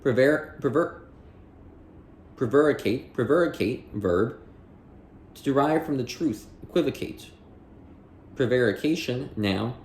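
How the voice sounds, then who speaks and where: A man's voice: mid-range voice, measured pace, pauses often, a little mellow, roomy sound, a little hiss or hum. A man hosting a dictionary audiobook, chatting in a rambling, jokey way with self-interruptions, then reading entries aloud.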